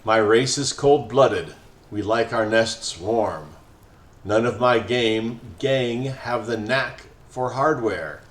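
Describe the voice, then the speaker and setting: A man voicing a smug, lazy male serpent alien gang leader in a game, speaking slowly and mockingly. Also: mid-range voice, natural voice. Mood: indolent. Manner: slow, indolent and mocking. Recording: roomy echo, faint music.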